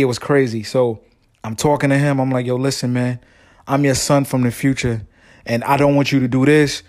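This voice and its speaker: Speaking a little mellow at medium pitch, the same Guyanese-heritage podcast host rambles through a lengthy tale alone on his show. His talk is slangy and full of restarts.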